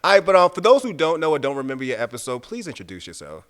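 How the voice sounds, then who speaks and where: A man from Boston hosting a casual interview, animated and quick, laughing often. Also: on the high side. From Boston, USA. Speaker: podcast host.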